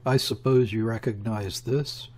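A man reading the part of a shrewd, curt police inspector, asking probing questions in his own husky voice. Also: mid-range voice, steady tone, measured pace, a little mellow. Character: shrewd middle-aged male police inspector.

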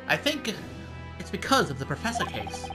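A man's voice: high-pitched, sing-song, normal speed, pitched above the performer's own voice. A man voicing a polite, earnest young female assistant in a game, over game music.

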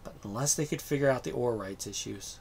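A man reading a short story aloud in a steady, measured storytelling manner. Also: mid-range voice, creaky, slight background noise. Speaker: story reader.

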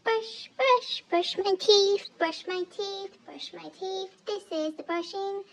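Woman voicing a tiny excitable schoolgirl, very high and slow, chirpy and sing-song, for a toy role-play. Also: full character voice. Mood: excited.

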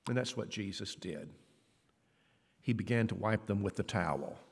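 A man delivering a conversational sermon as preacher, acting out quoted dialogue with lively shifts in voice. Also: normal speed, slightly rough. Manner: conversational, acts out quoted dialogue with rising pitch. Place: church hall. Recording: long church reverb.

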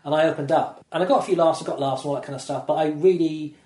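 A stand-up comedian rattles through his anecdotes at a brisk clip, slipping into other people's voices as he goes. His voice sits a little high for a man, and the room around him adds a noticeable echo. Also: mellow. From England. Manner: rambling storyteller, acts out voices in quotes. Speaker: comedian guest. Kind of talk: casual podcast chat, anecdotes. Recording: roomy echo.

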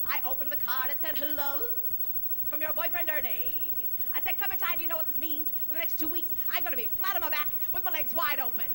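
A woman's voice: sits high, fast, background noise. A woman in her forties telling bawdy jokes on a concert stage in a brassy, teasing way. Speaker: singer and comedian on stage. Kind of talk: live stand-up joke telling in concert. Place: large concert hall stage.

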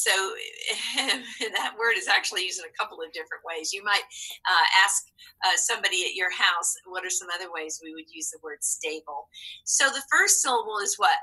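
A woman's voice: mid-range voice, sharp tone, husky, rough recording. A woman teaching a phonics lesson to children, speaking patiently and coaxing answers with prompts and praise.

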